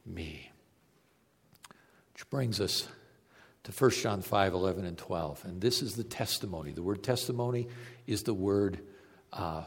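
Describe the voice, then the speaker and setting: A male preacher delivering a sermon, telling stories and moving between emphatic peaks and quiet, low passages. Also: long reverb tail.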